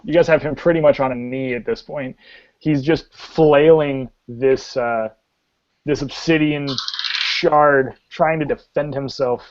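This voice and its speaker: A man narrating a tabletop game as game master, rambling and halting with many fillers. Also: medium pitch, steady tone, a little hiss or hum. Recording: dull lo-fi sound.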